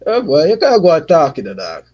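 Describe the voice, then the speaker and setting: A man's voice: a little high, huge pitch swings, brisk, a little mellow, muffled recording. Jamaican man chatting on a livestream. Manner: patois mixed with English, frequent "you see me" tags. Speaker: football streamer. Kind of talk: casual livestream chat reading viewer comments.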